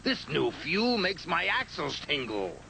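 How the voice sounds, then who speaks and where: A man's voice: sits low, animated, measured pace, creaky, sharp tone, slight background noise, voice pushed down, exaggerated voice, poor audio. A man voicing a sneering, boastful male diesel engine in a scornful, mocking manner.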